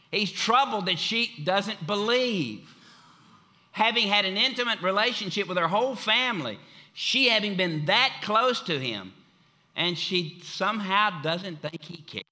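Bright, emphatic male preacher. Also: sits high. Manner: emphatic, repetitive preaching cadence. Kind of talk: sermon.

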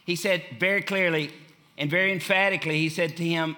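A man preaching a sermon in a church, emphatic and given to repeating key phrases, swinging from loud declarations to hushed, quiet lines. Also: fairly high pitch, steady tone, brisk. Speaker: pastor. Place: church sanctuary.

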